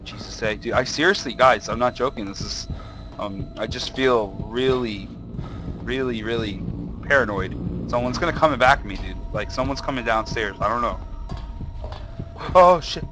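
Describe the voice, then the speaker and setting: A young man commentating a horror game, jumpy and excitable, swearing and shouting when scared. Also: medium pitch, normal speed, music in the background, low-quality recording. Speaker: gaming video host.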